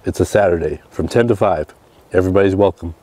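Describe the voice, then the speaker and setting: A man's voice: deep voice, fast, mellow. A man cheerfully narrating as he cooks his catch outdoors on a seashore, chatty and upbeat. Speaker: fishing vlogger. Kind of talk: outdoor cooking vlog.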